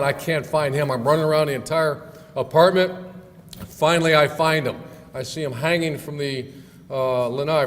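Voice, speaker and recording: A man's voice: fairly high pitch, lightly acted. A man voicing an unlucky man pleading at heaven's gate, piling up one mishap after another. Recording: long hall reverb, faint room noise.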